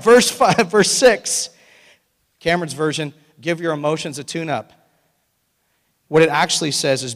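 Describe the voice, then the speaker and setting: Energetic pastor preaching in a reverberant hall. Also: male voice, on the high side. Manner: animated, breaks into excited shouting and laughter. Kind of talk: sermon. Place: church sanctuary.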